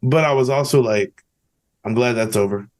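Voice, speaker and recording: A man's voice: medium pitch, normal speed, a little mellow. A man hosting a podcast, chatting casually and candidly, rambling with frequent restarts. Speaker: podcast host. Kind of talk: casual conversational interview.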